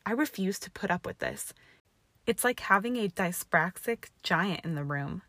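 A woman's voice: on the low side, animated, normal speed, a bit bright, dry recording. A woman voicing a tall, arrogant young man who sneers and growls his lines. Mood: sneering. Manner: growling, snarling.

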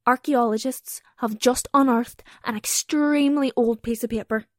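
A woman's voice: fairly high pitch, fairly even intonation, normal speed, hardly any pauses. A woman podcast host performing a comedy sketch as a tour guide, theatrical and mock-indignant.

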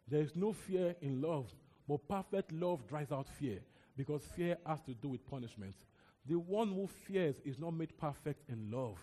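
Here a young man's sermon comes through with a Nigerian accent and a long, echoing hall sound. He talks animatedly and conversationally, repeating himself and slipping in asides, his pitch a little high.

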